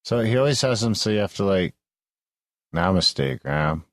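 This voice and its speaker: Deep-voiced teasing podcast host. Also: male voice, quick pace, a little mellow, no room sound. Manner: teasing, joking banter. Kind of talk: casual chat.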